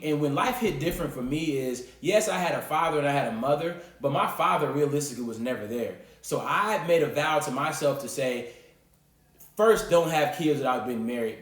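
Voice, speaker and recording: A man co-hosting a casual podcast conversation, talking candidly and earnestly about his own life. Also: fairly high pitch. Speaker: co-parenting podcast co-host. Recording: roomy echo.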